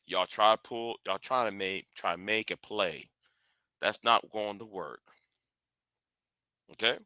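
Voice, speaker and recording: A man's voice: fairly low pitch, a little slow, bright, forceful tone, smooth, no room sound, studio quality. A man hosting a live stream, speaking bluntly and confrontationally, often restarting and repeating words.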